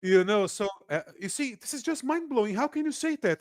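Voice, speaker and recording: Brazilian guy ranting sarcastically on a podcast, pretty high voice, super dry sound. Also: brisk, few pauses, no room sound. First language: Portuguese. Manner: animated, sarcastic, acts out quotes. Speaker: guest political commentator. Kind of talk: casual podcast commentary.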